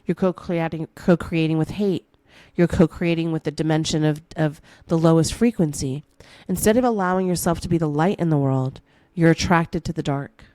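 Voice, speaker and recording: A woman's voice: sits low, normal speed, mellow, no echo. Playful, hyped woman coaching on a podcast. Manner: playful, hyped coaching, calls listener baby. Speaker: manifestation coach and podcast host. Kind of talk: motivational podcast monologue.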